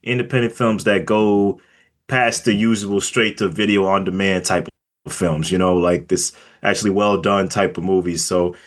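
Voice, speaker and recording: A man's voice: sits low, steady tone, moderate pace. A man reviewing a film in a casual podcast chat, rambling with many fillers and restarts.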